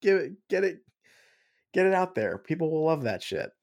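A woman's voice: low-pitched, sing-song, normal speed, darkish tone. A woman co-hosting a podcast, chatting casually with rambling, jokey asides. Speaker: podcast co-host. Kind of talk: casual chat.

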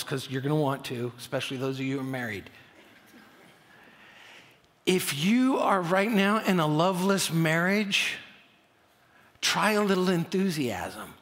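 A man preaching a sermon as pastor, energetic and animated, often stammering and restarting his words. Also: on the high side. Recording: long hall reverb.

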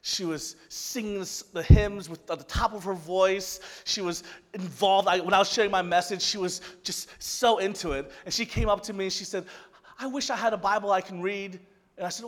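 A man preaching a sermon, telling a story that swings from loud excitement to hushed softness. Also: sits high, big-room sound. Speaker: pastor.

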